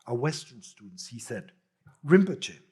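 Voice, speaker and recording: A man's voice: medium pitch, unhurried, slightly rough. A man from Mexico, a Buddhist teacher giving a dharma talk full of anecdotes and often ending phrases with a questioning "no?".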